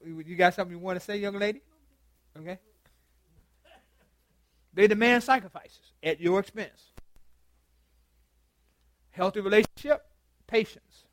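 A pastor with a notably high-pitched man's voice talks to his congregation as much as he preaches at them. He jokes, repeats himself and trips over words. The sound is close and dry. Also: normal speed, pauses often, no room sound. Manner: chatty and joking, stammers and repeats words, quizzes the congregation. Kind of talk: conversational sermon with open dialogue. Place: church meeting room.

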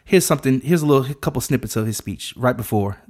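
Fast-talking man in podcast chat. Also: medium pitch, expressive, darkish tone. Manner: quick, conversational, hesitant restarts. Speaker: podcast co-host.

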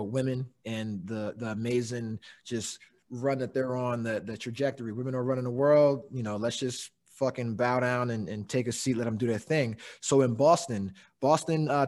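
A young man hosting a casual podcast chat, swearing freely and laughing through animated stories. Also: mid-range voice. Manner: profane, laughing, animated storyteller. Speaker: podcast host.

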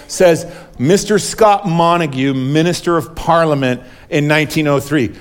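A man's voice: on the high side, normal speed. A male pastor preaching a sermon in an emphatic, repetitive way, calling on the congregation to respond.

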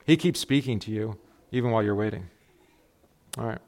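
A middle-aged man, a pastor, teaching a relaxed Bible class in a conversational way and often checking in with the group with quick tag questions. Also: on the low side.

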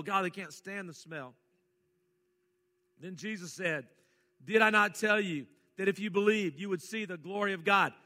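Folksy preacher in an echoey hall. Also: male voice, high-pitched. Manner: folksy, reads scripture then swings between soft asides and loud emphatic calls. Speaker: pastor. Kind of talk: sermon.

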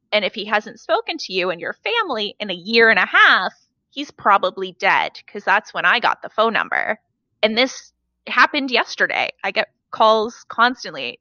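A woman co-hosting a casual podcast chat, blunt and animated, swearing freely. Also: mid-range voice, dry recording, highs cut off. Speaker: podcast co-host. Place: foreigner living in Korea.

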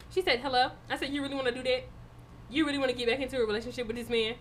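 A woman's voice: high voice, fairly even intonation, racing, a little hiss or hum. A woman co-hosting a podcast, telling a story in a casual chat, with lots of laughter and swearing. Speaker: podcast co-host.

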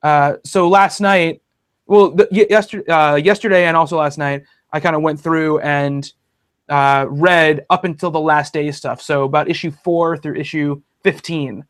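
A man's voice: a little high, steady tone, a little slow. A man hosting a casual podcast chat about comic books, talking in a rambling way with many fillers and restarts. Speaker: podcast host.

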